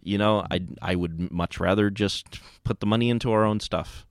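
A man co-hosting a casual radio chat about video games, relaxed and laughing easily. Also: lowish voice, normal speed, dry recording, clean studio sound. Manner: relaxed, chuckles often, trails off mid-sentence. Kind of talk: casual gaming podcast chat.

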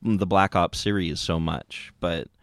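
A man co-hosting a casual radio chat about video games, relaxed and laughing easily. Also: low voice, measured pace, smooth, no room sound, clean studio sound. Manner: relaxed, chuckles often, trails off mid-sentence. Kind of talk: casual gaming podcast chat.

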